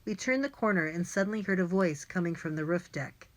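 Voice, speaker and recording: Low-voiced woman narrating a children's audiobook. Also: lively intonation, a little fast. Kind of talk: first-person audiobook narration.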